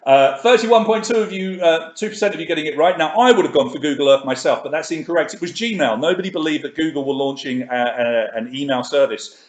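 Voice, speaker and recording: Male quiz host, chatty and upbeat, slightly higher voice, echoey room. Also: fairly quick, few pauses. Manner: chatty, reads questions and options twice. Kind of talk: live online quiz hosting.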